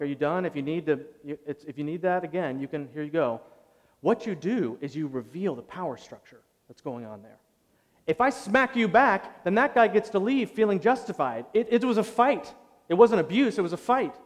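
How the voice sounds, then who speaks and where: A man with a slightly raised voice delivers a sermon in a church sanctuary. He tells his story with lots of emphasis, climbing to loud peaks and sinking to quiet stretches. His words ring out in the long reverb of the hall. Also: on the high side. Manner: animated, emphatic storytelling that swings from loud to hushed. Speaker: pastor.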